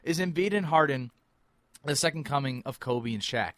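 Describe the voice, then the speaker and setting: A man's voice: on the high side, lively intonation, a little fast, a bit bright, no room sound, studio quality. A man co-hosting a sports podcast, ranting in exasperation and mocking players with quoted voices. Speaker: podcast co-host. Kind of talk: heated sports talk.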